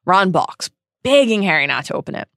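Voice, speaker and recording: Woman co-host reading a book essay aloud, measured and earnest, dry close mic. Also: fairly low pitch, big pitch swings, creaky, a bit bright, dry recording. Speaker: podcast co-host.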